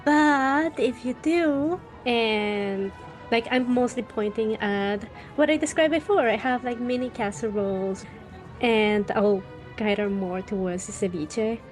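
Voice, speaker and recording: Slow, thoughtful woman player. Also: fairly high pitch, faint music behind. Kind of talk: describing her character's actions in a tabletop game.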